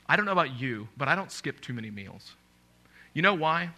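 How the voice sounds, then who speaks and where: A man's voice: medium pitch, big pitch swings, brisk, pauses often, bright, forceful tone. A male pastor preaching a sermon, emphatic and full of rhetorical questions to his congregation.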